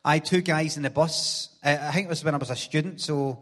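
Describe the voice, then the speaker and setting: A man's voice: fairly high pitch, brisk, a bit bright. A Glaswegian man, the guest on a live theatre stage show, telling sweary stories with laughs and acting out voices. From Glasgow, Scotland. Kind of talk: live stage interview, storytelling.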